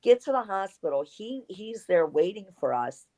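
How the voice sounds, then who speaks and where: A woman's voice: medium pitch, moderate pace, low-quality recording. A middle-aged woman, a former wrestler and interview guest, telling a story in casual chat. She acts out what people said and swears casually. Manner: animated storyteller who acts out quoted dialogue and swears casually.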